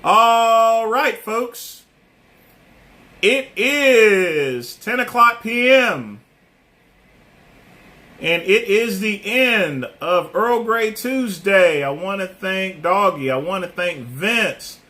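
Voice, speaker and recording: A middle-aged man hosting a casual livestream, answering viewers' comments by name and pausing often on fillers. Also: high-pitched, lively intonation, sharp tone. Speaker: livestream host.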